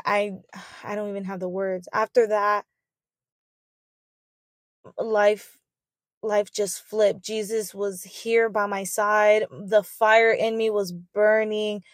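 A woman's voice: medium pitch, little pitch movement, takes it slowly, no room sound, studio quality. A young woman telling her personal faith testimony in an earnest, emotional way. She often repeats phrases for emphasis.

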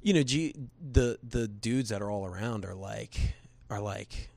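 A man's voice: lowish voice, unhurried, vocal fry, a little mellow, dry recording. A man earnestly telling a personal faith story in casual conversation, rambling with restarts and slipping into quoted voices.

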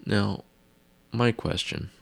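A man's voice: lowish voice, fairly even intonation, slow pace, gravelly. A man casually recapping a TV episode, rambling with wry asides and musing questions.

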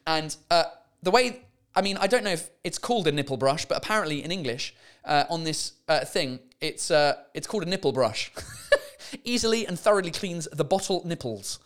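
A man's voice: fairly high pitch, animated, normal speed, a bit bright. A man hosting a comedy podcast, chatting and swearing casually as he laughs his way through mistranslated signs. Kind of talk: casual comic monologue.

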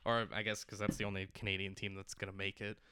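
A man co-hosting a casual sports podcast, with a bright, crisp voice. He talks in a chatty way and rattles through lists of games and standings. The sound is dry and close. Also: fairly low pitch, monotone, fast, dry recording. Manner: chatty, reads out lists, laughs often. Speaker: podcast co-host.

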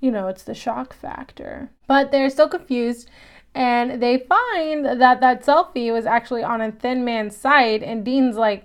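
A woman casually recapping a TV episode, chatty and animated, laughing often and acting out quoted lines. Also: on the high side, a little slow.

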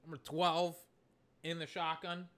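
A young man giving excitable, rambling live reaction commentary on a football game, with exasperated asides. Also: on the high side, measured pace, clean tone.

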